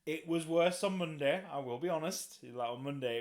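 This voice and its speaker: Middle-aged male podcast host, hoarse with a cold, husky and chatty, quick to laugh. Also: on the high side, lively intonation, darkish tone. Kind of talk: casual chat.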